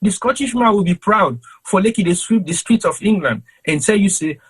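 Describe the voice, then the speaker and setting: A man's voice: sits high, lively intonation, brisk, fairly bright tone, husky, rough recording. A Sierra Leonean man with a Krio accent, a panelist on a call-in show, speaking in an emphatic, rhetorical, preaching way. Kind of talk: impassioned panel commentary. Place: cold home in London.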